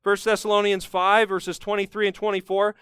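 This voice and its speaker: A man preaching a sermon, emphatic and fervent, climbing to strong peaks and dropping low to close each point. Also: level tone, fairly quick, a bit bright, smooth, no room sound. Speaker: pastor.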